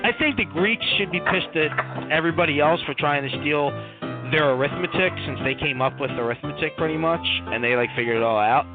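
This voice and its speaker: A young man co-hosting a podcast, telling crude stories in an animated, swearing manner over a tinny line. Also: on the high side, brisk. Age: young adult. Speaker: podcast co-host. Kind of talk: casual chat. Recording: tinny phone-like line with music.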